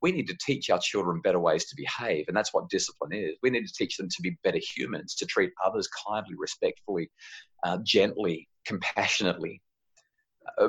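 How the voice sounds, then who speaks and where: A man speaking earnestly as a guest in an interview, acting out little quotes as he explains. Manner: earnest, animated, acts out quotes with high pitch jumps. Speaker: parenting author, guest. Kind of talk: conversational interview. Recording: slightly dull lo-fi audio.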